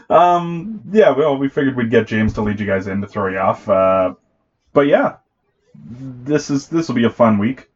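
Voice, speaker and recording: A man's voice: medium pitch, sing-song, slow, pauses often, dull audio. A man co-hosting a podcast in casual chat, rambling and restarting his sentences with lots of fillers. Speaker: podcast co-host.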